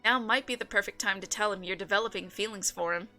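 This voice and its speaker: A young woman streams a dating game, her voice stuffy and nasal from a cold. Her tone is bright and sharp as she reads the story text, and she breaks in with teasing laughs and wry remarks. Faint game music plays behind her. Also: medium pitch, quick pace, few pauses. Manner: playful, laughing, mocking asides. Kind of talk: reading game text aloud with reactions.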